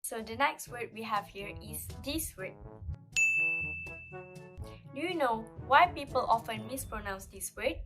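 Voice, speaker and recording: A young woman presenting a scripted pronunciation lesson, explaining word stress and putting questions to the listener. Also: on the high side. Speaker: student presenter.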